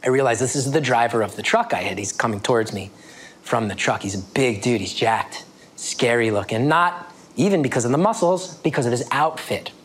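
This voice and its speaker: A man's voice: mid-range voice, fairly quick. Man telling a story on stage. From New Jersey. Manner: wry, animated storytelling. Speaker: comedian. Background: audience laughter.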